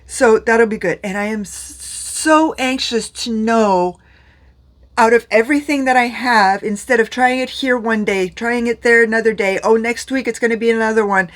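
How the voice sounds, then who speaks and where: A woman's voice: fairly high pitch, normal speed. A middle-aged woman chatting through a makeup vlog, rambling and laughing often while tired and in pain. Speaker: beauty vlogger.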